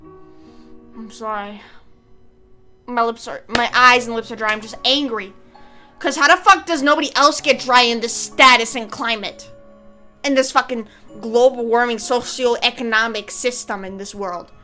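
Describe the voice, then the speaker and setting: A woman streaming a game, chatting casually, rambling and swearing, with sudden loud high-pitched complaints. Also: moderate pace, faint music behind. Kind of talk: casual gaming stream chat.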